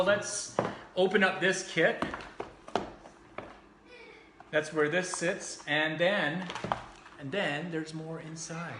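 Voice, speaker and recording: A man's voice: on the high side, takes it slowly, pauses often, background noise. Guy rambling cheerfully about his stuff, lots of ums, roomy echo. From Canada. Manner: chatty, upbeat, jokey, with frequent fillers. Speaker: vlogger reviewing essential oils. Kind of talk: casual product walkthrough. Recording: echoey room.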